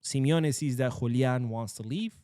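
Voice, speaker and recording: A man's voice: medium pitch, normal speed, dark tone, clean tone, no echo, studio quality. A man hosting a solo football news show, talking casually and sarcastically, swearing and acting out quotes. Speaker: football podcast host.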